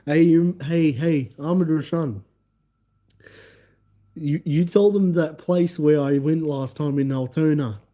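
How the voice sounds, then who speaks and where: A man's voice: on the high side, fairly even intonation, slow pace, dull audio. A young man telling rambling stories on a casual live stream, laughing often and repeating the same filler words. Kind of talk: casual livestream storytelling.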